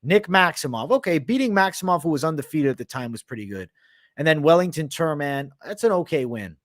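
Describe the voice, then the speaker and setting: A young man with a mixed Boston and New York sounding accent, hosting a live MMA betting show in a brash, profane, animated way, talking back to live viewers. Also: fairly high pitch, fairly quick, no room sound, clean studio sound. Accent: mix of Boston, Canadian and Italian, often heard as New York. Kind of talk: live-stream commentary, casual and profane.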